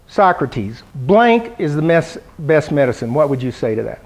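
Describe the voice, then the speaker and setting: A man's voice: fairly high pitch, moderate pace, few pauses, poor audio. A middle-aged man giving a humorous keynote speech at a conference, telling stories and acting out the voices of the people in them. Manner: animated storytelling, acts out quoted voices. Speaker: keynote speaker. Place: conference hall.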